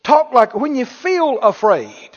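Man, preacher, sermon, slow emphatic delivery, long hall reverb. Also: very high-pitched, big pitch swings. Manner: emphatic, call-and-response leading. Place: church sanctuary. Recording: dull recording in a reverberant hall.

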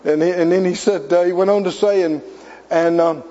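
High-voiced preacher in a reverberant hall. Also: male voice, steady tone, moderate pace, dull audio. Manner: storytelling, emphatic, rising to near shouts. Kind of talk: sermon.

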